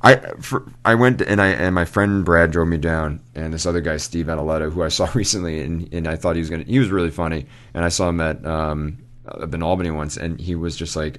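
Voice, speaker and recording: A man with a very low voice, chatting as a podcast co-host. He tells a long anecdote in a loose, rambling way and laughs often as he goes. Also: fairly even intonation, a little fast, fairly bright tone. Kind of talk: casual chat.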